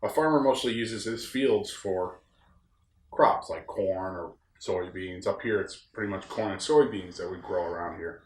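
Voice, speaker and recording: A young man from upstate New York rambles through a casual solo talk in a plain, folksy way. His voice sits on the low side. It carries a noticeable roomy echo from the room on the ranch where he records. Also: a little slow. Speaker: podcast host.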